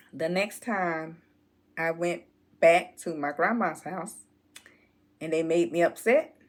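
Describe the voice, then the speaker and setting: A woman takes her time, speaking slowly and drawing out each part of a childhood story. She talks straight to her viewers, calling them y'all, in a casual vlog style at an everyday pitch. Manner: slow, drawn-out storytelling, addresses viewers as y'all. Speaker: channel host.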